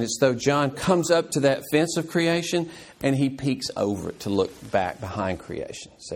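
A man with a medium-pitched voice teaches a church Bible class, explaining things earnestly while often halting with fillers and restarts.

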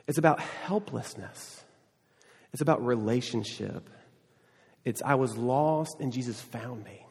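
A pastor giving a sermon, telling a rambling personal story full of restarts and self-deprecating asides. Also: male voice, medium pitch, creaky, a little mellow, husky. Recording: long hall reverb.

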